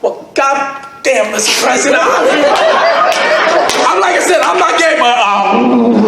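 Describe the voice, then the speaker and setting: A man's voice: very high voice, huge pitch swings, drawn-out words, gravelly, long pauses, a loud crowd. A young man doing a crude, rambling stand-up set at an open mic, laughing at his own jokes as he goes. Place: convention panel room with live audience. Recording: very echoey room recording, noisy.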